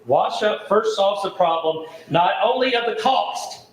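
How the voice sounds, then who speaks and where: A man's voice: high voice, lively intonation, measured pace, echoey room, rough recording. A middle-aged man from the American South, a charity founder giving an enthusiastic, folksy welcome speech at an event. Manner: enthusiastic, folksy, rhetorical questions.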